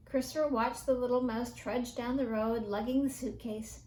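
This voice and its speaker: A woman reading a children's bedtime story aloud in an expressive storyteller's manner. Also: a little high, recorded from a distance. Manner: slow, expressive read-aloud. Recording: roomy echo.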